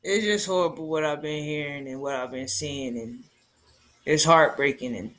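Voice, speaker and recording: A man's voice: a little high, moderate pace, a bit bright. A man on a livestream, delivering an impassioned rant, profane and emphatic, repeating lines for force.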